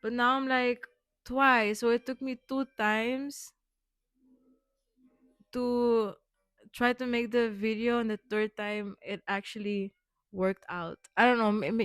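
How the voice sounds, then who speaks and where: Young woman vlogger, slightly high voice, loose rambling delivery full of fillers, dry close recording. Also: fairly even intonation, slow, long pauses, a bit bright, smooth, dry recording. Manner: rambling, lots of fillers and restarts, affirming. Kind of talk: rambling personal vlog.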